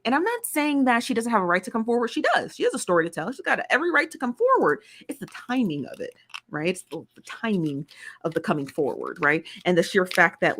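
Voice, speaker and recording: With a mid-range, slightly bright voice, a woman runs a casual commentary show where she reads out viewer comments. She drives her points home emphatically, often repeating herself and tossing in "okay?" and "right?".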